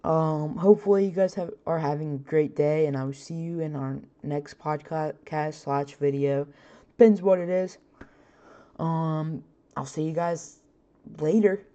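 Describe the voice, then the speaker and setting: A woman's voice: low-pitched, fairly even intonation, measured pace, warm tone, dull audio. A woman hosting her own podcast, chatting casually with lots of fillers, her voice a bit scratchy. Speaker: podcast host. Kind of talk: casual solo podcast chat.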